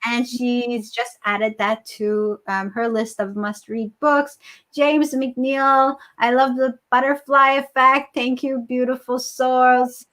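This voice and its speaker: A woman's voice: sits high, fairly even intonation, slow pace, fairly bright tone. A woman co-hosting a live discussion, reading out viewer comments in an affirming way.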